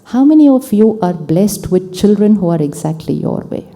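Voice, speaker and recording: A woman giving a calm spiritual talk to an audience, repeating key phrases and acting out quoted dialogue. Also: medium pitch, normal speed. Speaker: spiritual teacher. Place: large hall with an audience. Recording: long hall reverb.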